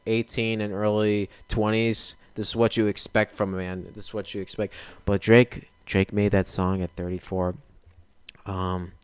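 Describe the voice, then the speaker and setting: A man's voice: fairly low pitch, clean tone, no room sound. A young man hosting a podcast, ranting casually and with exasperation. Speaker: podcast host.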